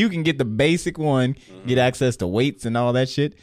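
A man's voice: mid-range voice, normal speed. A man co-hosting a podcast, blunt and argumentative in casual banter. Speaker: podcast co-host.

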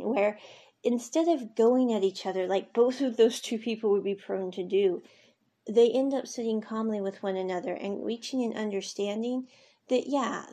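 Gravelly-voiced woman recapping a drama. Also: medium pitch, dark tone. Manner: chatty, rambling retelling with many fillers. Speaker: series recap reviewer. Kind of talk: casual episode recap.

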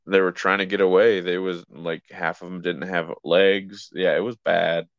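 A man's voice: sits low, flat delivery, normal speed, no echo. A man co-hosting a casual podcast, laid-back and blunt, swearing casually. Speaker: podcast co-host. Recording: slightly dull, lo-fi sound.

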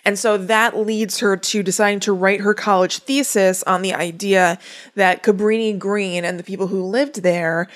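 A woman's voice: mid-range voice, fairly even intonation, normal speed. Chatty woman recapping a movie. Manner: chatty, summarizing plot with asides. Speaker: podcast co-host. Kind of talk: casual chat recapping a movie.

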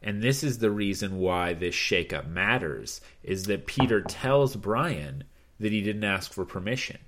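A man co-host in casual podcast chat about a reality show. His pitch jumps around lively as he talks. He swears now and then and laughs easily. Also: measured pace.

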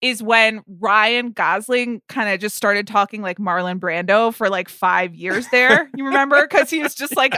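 A middle-aged woman co-hosting a casual podcast chat, quick and playful, full of asides. Her voice is bright and fairly high, recorded close and dry. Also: clean tone, no room sound. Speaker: podcast co-host.

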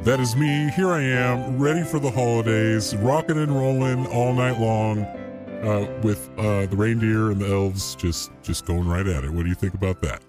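A podcast co-host voicing himself through a pitch-lowering sound shifter as a deep radio announcer, in slow, exaggerated sultry tones. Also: male voice, over music. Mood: playful. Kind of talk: podcast banter.

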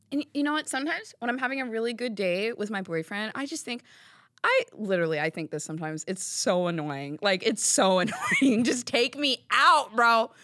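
A woman's voice: mid-range voice, animated, normal speed, fairly bright tone, no echo. A young woman hosting a podcast in a studio, chatting casually in a rambling, giggly, self-deprecating way. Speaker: podcast host. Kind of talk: casual chat.

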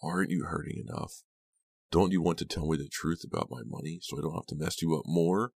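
A man voicing a cold, menacing middle-aged gunman who speaks softly and dryly in an audiobook. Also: low-pitched, brisk, gravelly, no echo. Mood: threatening. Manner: soft, flat, dryly threatening. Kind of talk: audiobook character reading.

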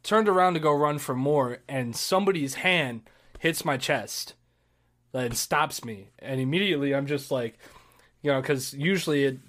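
At a moderate pace and in a mid-range voice, a young man tells a lively story on a casual podcast, swearing and laughing while acting out his own yells.

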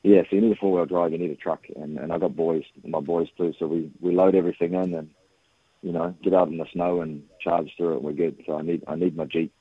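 Low-voiced New man on a phone line. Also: fast, slightly rough, no echo. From New Zealand. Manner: relaxed, many fillers and restarts. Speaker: radio guest, sports coach. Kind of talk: phone interview.

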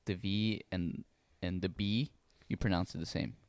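A man co-hosting a podcast in animated, casual chat, often breaking into laughter. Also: low-pitched, normal speed, dry recording. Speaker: podcast co-host.

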